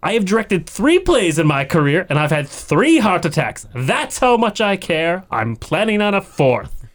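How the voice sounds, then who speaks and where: A man's voice: high voice, very animated, normal speed, voice pushed up. A man voicing a pompous male theater director, grandiose and theatrical.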